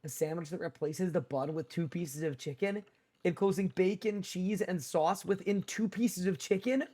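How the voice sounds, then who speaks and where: A man's voice: high-pitched, moderate pace, mellow. Playful male game streamer. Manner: playful, incredulous banter. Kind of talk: casual livestream chat with viewers.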